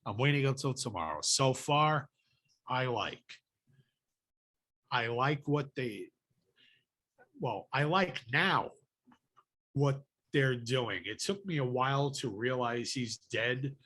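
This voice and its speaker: A man hosting a podcast and chatting casually, his talk full of curses. He rants with real heat, and his voice sits at an ordinary middle pitch. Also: slow pace, long pauses, sharp tone. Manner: profane, ranting, heated. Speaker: podcast host. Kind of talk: casual chat.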